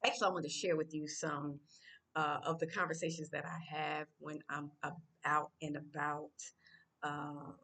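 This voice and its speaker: A woman's voice: flat delivery, moderate pace. A woman from the United States talking casually to her vlog viewers, unscripted, with many fillers and restarts. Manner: speaks Swahili phrases louder and higher. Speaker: vlogger.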